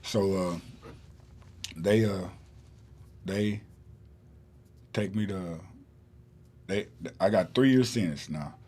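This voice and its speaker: Guy rambling through a story on a podcast, deep husky voice. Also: extremely slow, long pauses, warm tone. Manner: rambling, with many fillers and restarts. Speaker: podcast guest. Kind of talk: casual storytelling in an interview.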